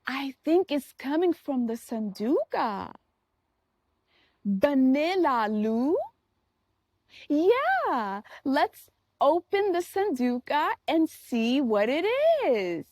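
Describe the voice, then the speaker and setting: A woman with a high, bright voice that swoops up and down as she teaches young children. She speaks very slowly and coaxingly, repeating each word and prompting the child to answer. The recording is close and dry. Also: big pitch swings, dry recording. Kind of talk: slow sing-song teaching for kids.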